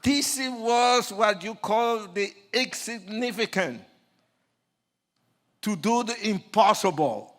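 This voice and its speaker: An older man tells his life story from the pulpit in a lively, theatrical way. His voice sits notably high for a man, and he speaks slowly, leaning on each phrase. He talks straight to the audience and acts out the quoted voices, at times breaking into a shout. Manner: addresses the audience directly, jokes in asides. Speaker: preacher giving a testimony. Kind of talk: preaching testimony to an audience.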